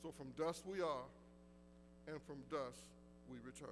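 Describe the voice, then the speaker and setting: High-voiced pastor preaching in a reverberant hall. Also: male voice, noisy background. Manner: preaching with rising emphasis and dropping low at phrase ends; reads scripture aloud slowly and deliberately. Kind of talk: sermon.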